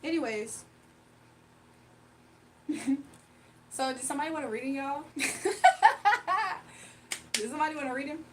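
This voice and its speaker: A woman's voice: high voice, a little fast, long pauses, distant mic, very noisy. A woman livestreaming a card reading, ranting bluntly to her chat with repetitive rhetorical questions. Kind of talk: heated livestream rant to chat.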